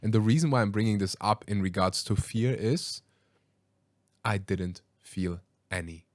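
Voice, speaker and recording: Male podcast host with a low, dry voice who tells stories in a lively, laughing way. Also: measured pace, no room sound. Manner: animated, laughing storyteller with many fillers. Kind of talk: casual storytelling conversation.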